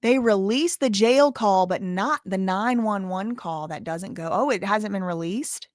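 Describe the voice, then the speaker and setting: A woman hosting a stream, reading court transcript quotes aloud with animated exclamations. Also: medium pitch, a little slow, dry recording, studio quality. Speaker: commentary host.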